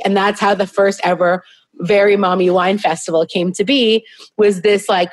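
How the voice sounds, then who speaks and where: Woman, 30s, interview guest, candid, chatty, self-deprecating, mid-pitched voice, dry close sound. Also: dry recording. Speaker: guest, business founder. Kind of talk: casual interview storytelling. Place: at home.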